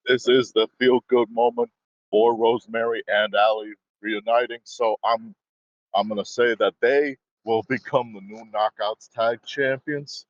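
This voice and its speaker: A man gives his take on a podcast in a plain, matter-of-fact way, stumbling now and then. His voice is mid-pitched. It comes through a dull, dry, lo-fi mic. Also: fairly even intonation, unhurried, no echo. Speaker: podcast co-host. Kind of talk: casual chat.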